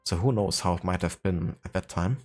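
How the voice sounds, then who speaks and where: A man's voice: deep voice, brisk, soft background music. A man streaming a game live, chatting casually and reading in-game entries aloud with lots of fillers. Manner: rambling, many fillers, reads codex entries aloud.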